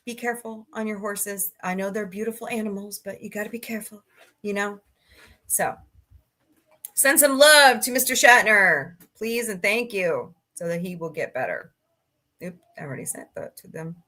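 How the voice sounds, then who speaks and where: Goofy lady chatting on her stream, laughs a lot, reads the chat out loud. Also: medium pitch, moderate pace. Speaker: livestream host. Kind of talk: casual chat reading live comments. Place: home, cats nearby.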